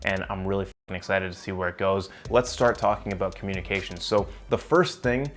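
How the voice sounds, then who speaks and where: A young self-improvement vlogger speaks in a low, steady voice that's fairly quick and fairly bright. He coaches the viewer directly in a casual vlog, handing out blunt, emphatic advice and swearing now and then.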